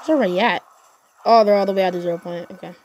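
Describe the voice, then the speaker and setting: A woman giving excited gameplay commentary, cheering and shouting encouragement at her teammate. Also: medium pitch, very fast, a little hiss or hum. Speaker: gaming channel host.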